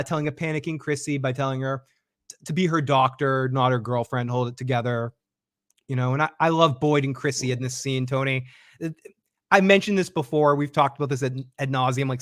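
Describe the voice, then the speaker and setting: A man co-hosting a casual show recap, talking fast with fillers and acting out lines from scenes. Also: mid-range voice, no room sound, clean studio sound. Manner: animated, acts out quotes, frequent fillers. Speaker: podcast co-host recapping a TV episode.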